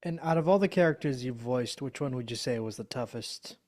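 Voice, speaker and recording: A man's voice: mid-range voice, brisk, a little mellow. A man hosting an interview, asking plain, brief questions. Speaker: interview host.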